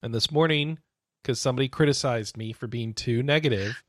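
A man's voice: medium pitch, a little fast, a bit bright, no room sound. A man co-hosting a games podcast, chatting casually in a dry, sarcastic way, sounding tired. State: tired, yawning. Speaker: podcast co-host. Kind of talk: casual chat.

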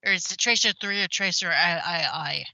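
Bright-voiced woman reading listener mail. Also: lowish voice, brisk, vocal fry, no room sound, lo-fi sound. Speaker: podcast co-host.

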